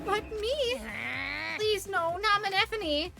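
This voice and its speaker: A woman's voice: extremely high pitch, slow pace, loud music behind the voice, pitched above the performer's own voice. A woman voicing a panicky little male robot bear cub who whines and pleads. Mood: pleading. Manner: whiny, pleading.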